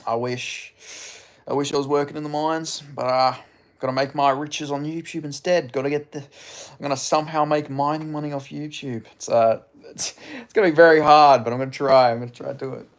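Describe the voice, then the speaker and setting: A young Australian man with a mild Australian accent, answering chat in a relaxed, casual livestream and swearing freely. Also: on the high side, brisk. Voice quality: laid-back, swears casually.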